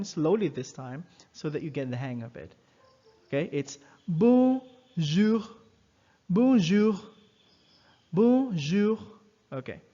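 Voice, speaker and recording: A man teaching a recorded lesson, explaining patiently and repeating words slowly for learners. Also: a little high, mellow. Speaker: French teacher. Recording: dull lo-fi voice recording.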